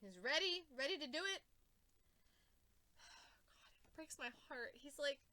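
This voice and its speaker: A woman's voice: high voice, very animated, unhurried, pushed and bright, no room sound. A young woman reacting to comics in an emotional rant, exclaiming, swearing and repeating herself. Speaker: comic book reviewer.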